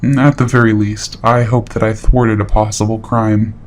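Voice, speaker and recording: A man reading a horror story aloud in steady, matter-of-fact scripted narration. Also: fairly low pitch, moderate pace, slight background noise.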